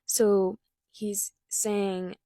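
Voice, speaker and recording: In a casual video, a woman hosts a breakdown of rap lyrics, reading quoted lines between her own loose, chatty explanations full of "like" and "um." Her mid-range voice stays level and dark, and she speaks extremely slowly. The recording has no room sound.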